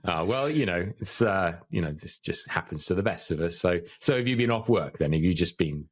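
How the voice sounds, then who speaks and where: A man's voice: low voice, lively intonation, fairly quick. A man co-hosting a casual tech podcast, joking and laughing often. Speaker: podcast co-host.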